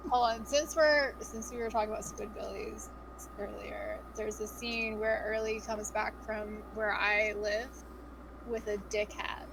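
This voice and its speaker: A woman's voice: mid-range voice, steady tone, unhurried, vocal fry, noisy background. A woman in her thirties chatting casually as a guest on a stream, giggly and trailing off mid-sentence. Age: 30s. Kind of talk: casual chat.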